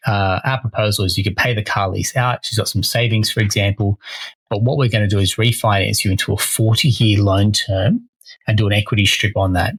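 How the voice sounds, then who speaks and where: A man's voice: on the low side, steady tone, fairly quick, husky, no room sound, low-quality recording. A man, co-hosting a casual podcast as a mortgage broker, talking energetically and often restarting his phrases.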